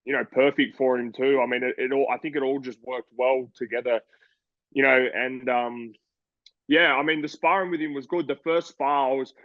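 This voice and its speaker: Australian boxer telling stories, rambling. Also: male voice, medium pitch, normal speed, dry recording, phone-quality sound. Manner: rambling, animated storytelling with voices. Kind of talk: casual interview talk.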